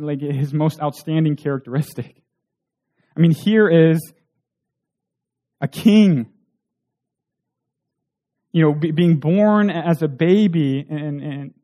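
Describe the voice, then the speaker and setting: A man's voice: a little high, dark tone. A man preaching a sermon in an earnest way, asking rhetorical questions.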